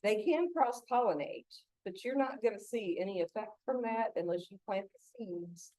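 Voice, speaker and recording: A woman's voice: mid-range voice, moderate pace, dark tone, dry recording. A middle-aged woman giving a casual gardening talk, chatty and laughing often between stories. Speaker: gardening instructor.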